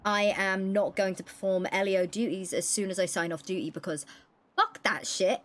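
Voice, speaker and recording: A woman's voice: mid-range voice, steady tone, normal speed. A woman role-playing a police officer in casual chat, frank and swearing at times. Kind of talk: casual in-character roleplay chat.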